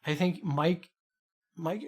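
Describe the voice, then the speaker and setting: Slow and a little high, this young Chicago-accented man co-hosts a podcast. He's an animated storyteller whose casual tales ramble and swear freely.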